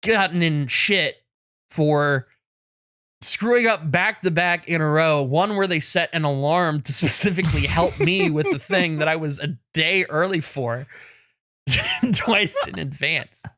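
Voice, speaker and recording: Guy on a podcast, bright tense voice, bit high, laughs at himself a lot, dry close mic. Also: unhurried, dry recording. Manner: animated self-deprecating storytelling, laughs often. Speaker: podcast co-host. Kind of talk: casual podcast chat. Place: in Canada.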